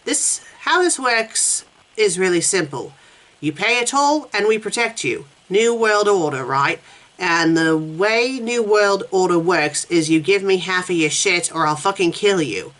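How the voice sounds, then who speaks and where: A woman's voice: fairly low pitch, measured pace. A woman reading as a swaggering gang leader. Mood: menacing. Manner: cocky, profane threats read flatly.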